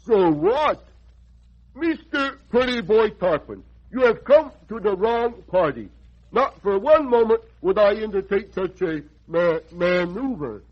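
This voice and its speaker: Husky young squid candidate. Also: male voice, sits high, animated, unhurried. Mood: indignant. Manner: earnest, flustered, indignant. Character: timid young male squid political candidate. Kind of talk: 1940s radio acting. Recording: dull lo-fi old radio recording.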